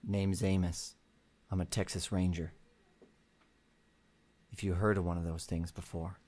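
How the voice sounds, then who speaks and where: Low-voiced man running a western game. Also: level tone, measured pace, mellow. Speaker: game master. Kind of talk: narrating a tabletop western game.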